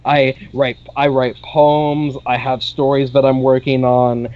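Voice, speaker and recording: A man's voice: medium pitch, level tone, measured pace, dull audio. A young man co-hosting a podcast, telling a long story in a rambling way, with lots of "like" and casual swearing. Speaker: podcast co-host.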